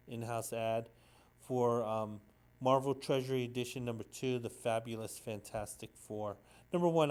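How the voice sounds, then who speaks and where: A man talks through an old comic book issue in a loose, unscripted recap. His voice sits at an ordinary middle pitch, and he stops often for ums, repeated words and searches for the right term. He sounds sentimental about the story as he goes. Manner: rambling, hesitant, full of ums and restarts. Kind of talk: casual solo comic recap.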